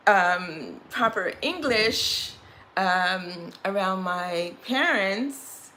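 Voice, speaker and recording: A woman's voice: medium pitch, sharp tone. A woman with a Brooklyn accent, chatting casually on a beauty livestream, rambling and restarting her phrases. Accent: Brooklyn, New York. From Brooklyn, New York.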